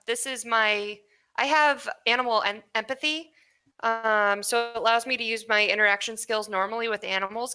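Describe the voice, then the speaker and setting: A woman's voice: on the high side, pushed and bright, clean tone. A woman playing a tabletop game, eager and asking about the rules. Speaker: player.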